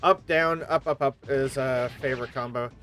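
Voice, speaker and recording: A woman's voice: a bass voice, steady tone, moderate pace, a bit bright, soft background music. A woman streaming her gameplay live, coming down with a sore throat and coughing, chatting casually in a rambling way and swearing now and then. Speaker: game streamer.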